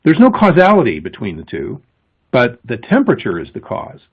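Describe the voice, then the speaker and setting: A man giving a conference presentation, explaining with emphasis and pausing before key words. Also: mid-range voice, wildly swooping pitch, breathy edge. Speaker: conference speaker. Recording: thin, phone-like lo-fi audio.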